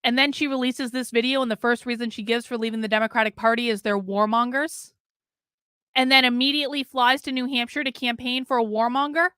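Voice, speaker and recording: Woman streamer, blunt and opinionated, casual live commentary, clear resonant voice, higher-pitched, dry close sound. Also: steady tone, fairly quick, pushed and bright, no echo.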